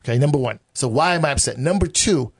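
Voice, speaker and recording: Animated man teaching Scripture. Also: mid-range voice, quick pace, husky. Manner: animated, acts out God's voice in quotes; restarts and repeats phrases often. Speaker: pastor or Bible teacher. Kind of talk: conversational Bible teaching.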